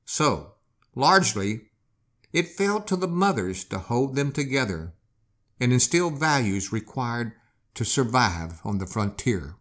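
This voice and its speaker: Guy narrating history, slow and really animated, dramatic. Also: medium pitch. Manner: dramatic, expressive storyteller. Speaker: history podcast host. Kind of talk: storytelling narration.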